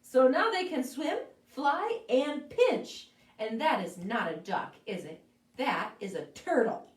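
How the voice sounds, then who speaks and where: A woman librarian reading a story aloud to children in a playful, expressive way. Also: high voice, slow pace. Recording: echoey room, mic at a distance.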